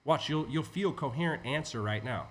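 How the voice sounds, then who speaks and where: Brief: a male entrepreneur guest with an ordinary mid-range voice, lively and profane, explaining ideas conversationally. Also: medium pitch, moderate pace. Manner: animated, profane, acts out inner voices. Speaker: podcast guest, entrepreneur and coach. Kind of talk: conversational teaching.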